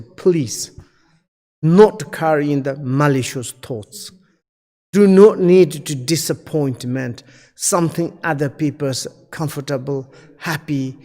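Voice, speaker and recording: A man teaches the dharma in halting, non-native English, pleading earnestly and circling back to his points. He speaks slowly and his voice sits a little high. A long reverb trails each phrase. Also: darkish tone. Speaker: Buddhist teacher.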